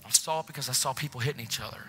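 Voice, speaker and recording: Passionate male preacher with a bright voice. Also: medium pitch, racing, faint music behind. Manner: passionate, dips into hushed whispers. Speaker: guest preacher. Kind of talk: sermon. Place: church, faint music behind.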